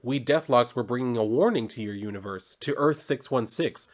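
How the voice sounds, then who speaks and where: A man's voice: mid-range voice, moderate pace, natural voice. A man voicing a formal male cyborg soldier who speaks in a matter-of-fact way.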